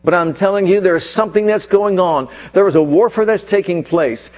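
A man preaching a sermon as pastor, retelling scripture with dramatic storytelling and slowing down for emphasis. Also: sits high, darkish tone.

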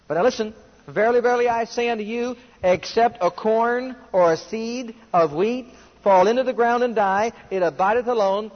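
A man's voice: sits high, moderate pace. A man preaching a fervent sermon, reading scripture and rising to emphatic bursts. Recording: long hall reverb, dull lo-fi sound.

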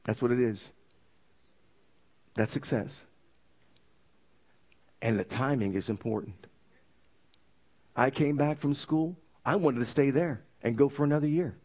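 A man preaching a sermon, telling his story with lively energy and asking the congregation for amens. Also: mid-range voice, unhurried, long pauses. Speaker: pastor.

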